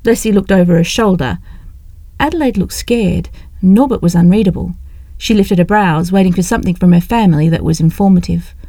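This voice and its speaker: A woman narrating an audiobook in a brisk, expressive way. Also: fairly low pitch, no echo.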